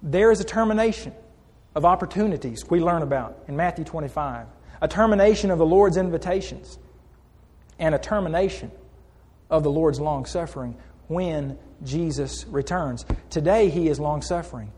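A man preaches a sermon in a church. His voice sits high, and it echoes with long reverb through the hall. He asks the congregation questions, answers them himself and repeats phrases for emphasis. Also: moderate pace, darkish tone, slightly rough.

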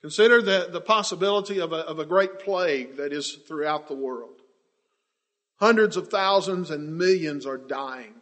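A male preacher with a notably high voice delivers an impassioned sermon. He swings from ringing declarations to hushed, drawn-out phrases.

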